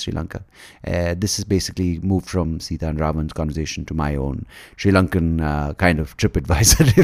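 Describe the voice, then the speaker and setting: A man telling a story as a comic monologue, rambling, irreverent and full of jokes. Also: low-pitched. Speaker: podcast guest.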